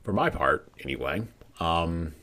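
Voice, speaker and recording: Man, podcast host, extremely low voice, laid-back wrap-up talk. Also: unhurried. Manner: relaxed, loose closing wrap-up with fillers. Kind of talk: casual podcast interview.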